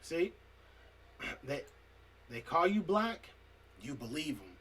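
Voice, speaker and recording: A man with a husky, slightly high voice delivers a heated, profane rant to his viewers. He keeps clearing his throat as he reads dictionary definitions aloud and argues with each one. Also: lively intonation, moderate pace, pauses often. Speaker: vlogger. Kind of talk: angry ranting monologue.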